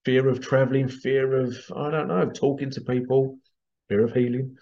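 A man's voice: mid-range voice, level tone, moderate pace. Rambling man, lo-fi sound. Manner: rambling, repeats phrases, acts out quoted voices. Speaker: healing therapist. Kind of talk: casual monologue to camera.

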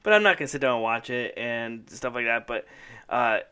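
A man co-hosting a casual podcast chat, rambling excitedly and laughing often as he talks. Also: medium pitch, a little fast, clear, resonant tone. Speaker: podcast co-host. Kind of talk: casual chat about old commercials.

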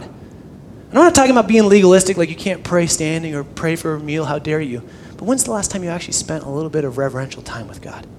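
A young man preaching with a high, bright-pitched voice, animated and quick to swing from loud emphasis to soft near-whispers. His sermon carries a faint layer of background noise. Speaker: pastor.

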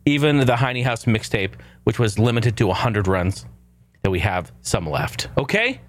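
A man's voice: medium pitch, moderate pace, dry recording. A male podcast host talking in a loose, joking style, his voice climbing and falling a lot. The sound is dry and close, with no room around it. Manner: animated, jokey, swears casually. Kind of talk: casual podcast chat.

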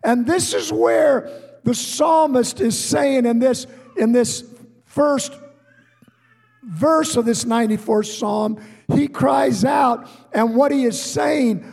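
A man preaching a sermon to a congregation, swinging from shouted high rises to hushed low asides. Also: slow pace, gravelly, in a large hall. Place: church before a congregation.

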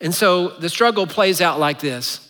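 Earnest pastor with a bright, high voice. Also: male voice, animated, measured pace. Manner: earnest, conversational, with wry asides. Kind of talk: conversational sermon. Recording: echoey hall reverb.

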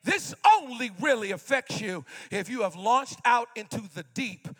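A young man in his twenties preaching a sermon with fervor, repeating refrains and often shouting out lines. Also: very high-pitched, moderate pace.

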